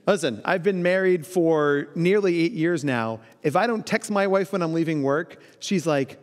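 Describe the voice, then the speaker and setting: A man in his thirties with a fairly high voice delivers a lively keynote talk, slipping into quick voices for the people he quotes. His voice carries a long reverb from the big hall he speaks in. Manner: animated, playful, acts out quoted voices. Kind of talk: conference talk. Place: large conference hall.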